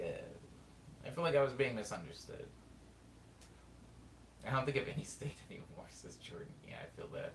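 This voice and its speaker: A man from California with a Californian accent, chatting casually as a streamer, thinking aloud and reading chat in a rambling, drawn-out way. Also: mid-range voice, big pitch swings. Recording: roomy sound, mic at a distance, faint background noise.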